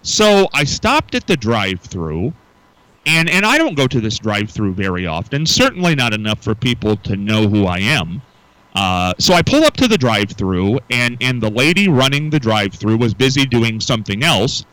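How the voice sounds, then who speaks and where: Middle-aged man, radio host; animated, bright delivery on a dry studio mic, musing and restarting. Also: mid-range voice, normal speed, no echo, rough recording. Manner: musing, repeats words when restarting. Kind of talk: casual morning radio talk.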